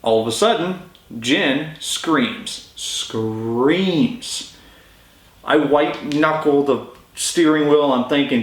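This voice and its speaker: A man's voice: on the high side, drawn-out words. A young adult man casually telling a story-time tale in a chatty, informal way. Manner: informal, chatty, lively retelling. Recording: roomy echo.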